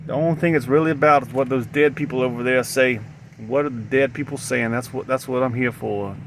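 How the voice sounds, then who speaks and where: A man's voice: mid-range voice, fairly even intonation, a little hiss or hum. Loopy man rambling in fake Southern drawl. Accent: put-on Southern. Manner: halting, repetitive, full of restarts. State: sleep-deprived and loopy. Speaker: vlogger. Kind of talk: rambling monologue to camera. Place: outdoors in a parking lot.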